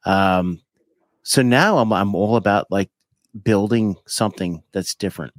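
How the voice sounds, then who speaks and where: A man's voice: on the low side, unhurried, no echo, clean studio sound. A man hosting a podcast, who asks rambling questions and keeps correcting himself in a casual chat. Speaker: podcast host.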